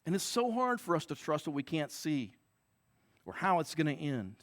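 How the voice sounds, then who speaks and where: A pastor preaching a sermon in an earnest manner, often repeating words for emphasis. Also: male voice, fairly high pitch, big pitch swings, moderate pace, a bit bright.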